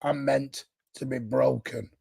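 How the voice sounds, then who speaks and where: A man chatting on a football watchalong while hoarse from laryngitis, talking confidently and defiantly. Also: mid-range voice, fairly even intonation, slow pace, a little mellow, no room sound. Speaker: guest pundit, co-host. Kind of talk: live football watchalong chat.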